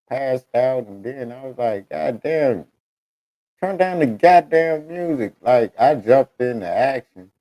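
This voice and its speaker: Male streaming host, casual and profane, rambling storyteller, mellow tone. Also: medium pitch. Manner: profane, rambling storytelling, addresses viewers as y'all. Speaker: streaming talk show host. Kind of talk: casual solo talk to an audience.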